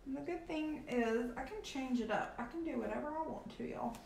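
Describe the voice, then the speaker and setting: A young woman with a Southern US accent paints on a live stream, chatting casually as she reads and answers viewer comments. Her voice is high, a little fast, creaky, and slightly mellow. The room echoes, with faint background noise.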